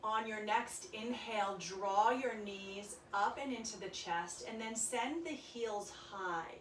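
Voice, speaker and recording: A woman leading a yoga class, giving calm, soft-spoken cues through breathing and stretches. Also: medium pitch, slight background noise. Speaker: yoga instructor. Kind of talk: guided yoga class instruction. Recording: echoey room, voice from a distance.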